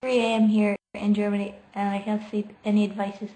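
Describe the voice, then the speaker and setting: A woman's voice: mid-range voice, completely flat delivery, a little fast, mellow. A woman in a casual late-night livestream from home, talking into her laptop while sitting on the floor, chatty and giggly as she reads out viewer questions and answers them. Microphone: laptop microphone.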